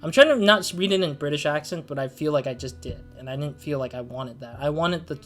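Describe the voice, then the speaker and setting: A casual let's play host narrates a detective game at a mid pitch, reading its text and then wandering into asides. The delivery is rambling and self-conscious, full of restarts and apologies, with soft music in the background. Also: brisk.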